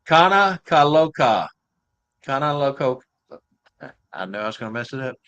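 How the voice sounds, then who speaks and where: A man's voice: medium pitch, brisk, a bit bright, smooth, dull audio. A man with a Texas drawl hosting a live stream in a good-humored way, laughing at his own mistakes. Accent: Texan. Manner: good-humored, chuckling at himself. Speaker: host. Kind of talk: casual live-stream talk.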